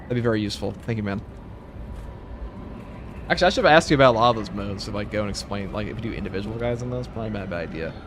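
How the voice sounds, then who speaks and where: A man's voice: on the low side, expressive, rapid-fire, pauses often. A man talks loosely over his gameplay, wandering from joke to joke with plenty of filler. A faint background hum sits under his voice. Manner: rambling, jokey, chatty with filler words. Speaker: streamer. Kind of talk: casual live-stream chat over gameplay.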